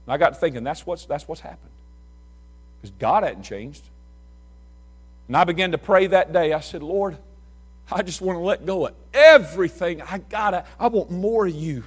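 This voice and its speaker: A middle-aged man preaching a sermon, telling folksy stories and swinging from hushed talk to shouts. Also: sits high, very animated, normal speed, slightly rough. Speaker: pastor.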